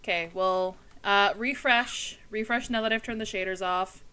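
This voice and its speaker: Bright-voiced young woman streamer, chatty. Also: mid-range voice, moderate pace, clean tone, poor audio. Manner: chatty, swears casually, talks to chat while playing. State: tired. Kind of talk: casual gaming livestream chat.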